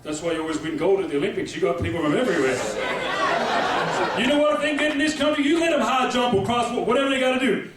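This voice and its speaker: A man's voice: very high-pitched, lively intonation, quick pace. A man doing a stand-up comedy set on a club stage, chatty and punchy, constantly checking in with the crowd. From Australia. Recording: echoey room taped from far off with crowd noise.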